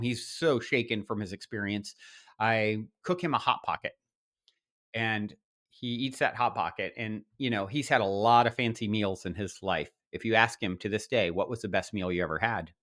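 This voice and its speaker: Middle-aged man, podcast guest; bright, lively storyteller who restarts often. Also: on the low side. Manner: animated, many restarts and quoted asides. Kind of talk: storytelling in conversation.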